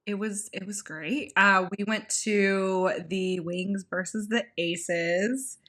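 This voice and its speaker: A woman's voice: medium pitch, fairly even intonation, takes it slowly, a bit bright. A woman co-hosting a podcast in casual chat, talking loosely with lots of filler words. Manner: chatty, many "like" fillers. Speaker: podcast co-host.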